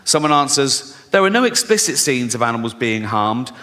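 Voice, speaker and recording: In a large theatre, a man performs stand-up, swearing, acting out bits, and laughing at his own jokes. His mid-range voice is sing-song at a normal pace, and the live hall recording is full of loud crowd laughter.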